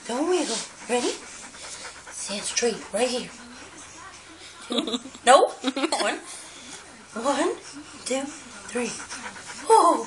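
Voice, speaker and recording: A woman's voice: on the high side, sing-song, drawn-out words, pauses often. A young woman in a playful home video, coaxing a puppy and a baby in a living room with sing-song counting. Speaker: person filming at home. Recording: loud background noise in a home video.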